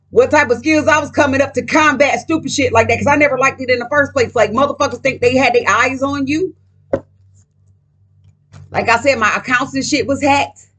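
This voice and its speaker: High, bright-voiced profane woman vlogger. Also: breathy edge. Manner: profane, emphatic, rambling, addresses viewers directly. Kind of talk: casual tarot reading rant.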